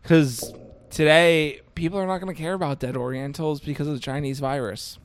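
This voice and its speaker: A man's voice: on the high side, fairly even intonation, fairly quick, a little hiss or hum. A man co-hosting a film podcast, ranting casually with lots of swearing and jokes. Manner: profane, ranting, jokey. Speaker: podcast co-host.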